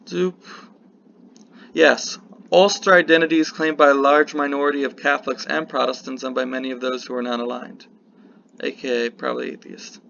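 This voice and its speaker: A man's voice: mid-range voice, flat delivery, normal speed, creaky, a bit bright. A man giving casual political commentary in a vlog, rambling and breaking off with apologetic asides. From United States. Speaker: political vlogger. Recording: slightly muffled with faint hiss.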